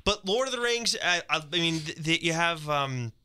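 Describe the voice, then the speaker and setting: High, very bright-voiced man. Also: clean tone. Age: younger than co-host. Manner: animated, protesting, quick to laugh. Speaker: podcast host. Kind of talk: casual podcast chat.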